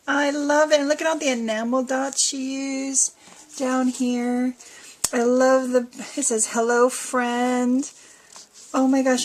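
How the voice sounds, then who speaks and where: A woman chatting casually as she unboxes a craft swap, gushing with frequent exclamations. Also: high voice. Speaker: crafting vlogger.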